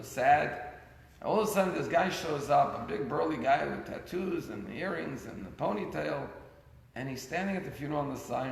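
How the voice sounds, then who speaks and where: A man's voice: on the high side, creaky, fairly bright tone. A man giving a sermon as a rabbi, telling stories and raising his voice to stress key points. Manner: storytelling with rising emphasis. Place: synagogue sanctuary. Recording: echoey synagogue hall.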